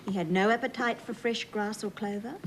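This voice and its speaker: An Australian woman reads a storybook to young children, gentle and sing-song like a children's TV host. Her ordinary-pitched voice moves fairly quickly with fairly even intonation, over a faint hiss in a rough recording.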